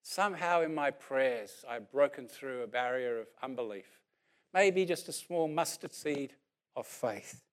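A man around sixty, preaching a sermon as a lively story and then leading a prayer, acting out what people said. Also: mid-range voice, unhurried. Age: about 60. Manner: animated storyteller who acts out what people said.

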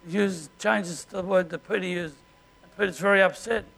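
An Australian man preaching a sermon as pastor, in a conversational way and often clearing his throat. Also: high voice, fairly even intonation, moderate pace, a bit bright.

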